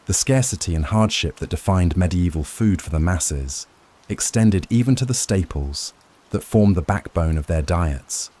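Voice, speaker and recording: Male sleep-story narrator with a very low voice; calm, soothing, measured scripted history reading.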